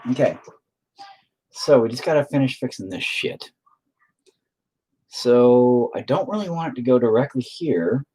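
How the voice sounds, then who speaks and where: A man talking casually to himself while he paints, swearing constantly, self-critical, dropping into mutters and then flaring up loudly. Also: medium pitch, lively intonation, measured pace, pauses often, husky. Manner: drops into whispers and mutters, then flares up loudly. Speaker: painting streamer.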